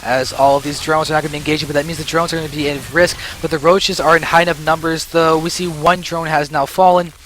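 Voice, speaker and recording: A young man giving solo play-by-play commentary on a strategy game, excitable and short of breath, speeding up then slowing down. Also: fairly high pitch, a little hiss or hum. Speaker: esports caster.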